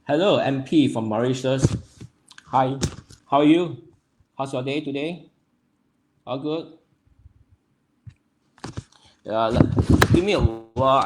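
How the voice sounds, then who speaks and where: A young man from Nepal speaks as he hosts a livestream, greeting viewers one by one by name. His delivery is casual and halting, with plenty of fillers as he reads out the chat. His voice sits at an ordinary, middle pitch. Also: heavy background noise. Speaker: livestream host.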